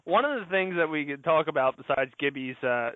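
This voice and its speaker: A man's voice: a little high, expressive, brisk, clear, resonant tone, no room sound. A man teasing his co-panelists and steering topics in a casual movie discussion. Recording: dry, tinny phone-like sound.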